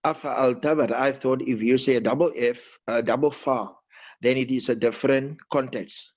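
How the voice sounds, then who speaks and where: A man's voice: medium pitch, steady tone, normal speed, a little mellow. A man attending an online class as a student, politely checking his understanding of a point. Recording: dull, lo-fi video call audio.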